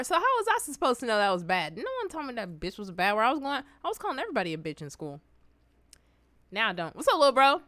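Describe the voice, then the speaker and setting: A young adult woman hosting a reaction video, telling stories in an animated, slangy, exclamatory way. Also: on the high side, a little fast, pauses often, dry recording, clean studio sound. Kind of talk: casual reaction commentary and storytelling.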